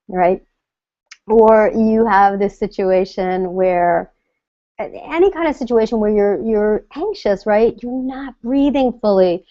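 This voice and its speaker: Animated woman coach, dull dry sound. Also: mid-range voice, a little slow, dry recording. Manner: animated, acts out scared inner voices. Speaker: confidence coach hosting a live web session. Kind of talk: coaching talk to an online audience.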